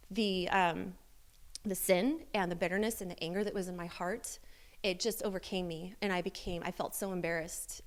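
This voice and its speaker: A woman's voice: medium pitch, fairly bright tone. A woman sharing a personal church testimony, candid and self-deprecating, with many fillers and restarts.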